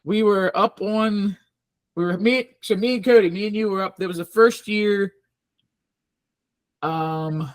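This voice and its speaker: A man spins rowdy camp stories in a loose, profane chat, his pitch swinging up and down as he goes. He jumps into high voices for the people he quotes. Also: no echo. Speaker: podcast host. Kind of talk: casual storytelling chat.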